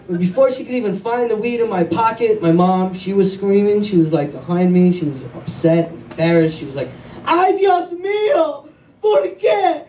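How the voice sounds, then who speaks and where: A man performing a stand-up comedy set, excitable and self-mocking, bantering with the crowd. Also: high voice. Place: comedy club stage with audience. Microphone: wireless handheld mic. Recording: echoey club, mic far off, crowd noise.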